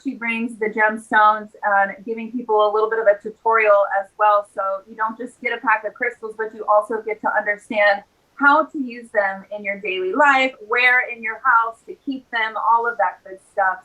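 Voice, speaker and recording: A woman's voice: fairly high pitch, fairly even intonation, moderate pace, sharp tone, low-quality recording. A woman in her thirties hosting a casual chat, talking with emotional enthusiasm. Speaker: host.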